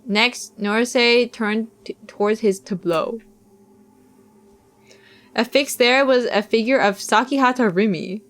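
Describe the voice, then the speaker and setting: A woman's voice: on the high side, slow pace. Young woman reading a visual novel aloud. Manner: casual, self-deprecating asides. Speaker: streamer.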